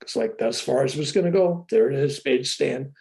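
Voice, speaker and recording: Gravelly older man telling a story. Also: mid-range voice, fast. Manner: animated, excitable storyteller. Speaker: interview guest. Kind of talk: storytelling in a casual interview. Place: room with a sheetrock wall.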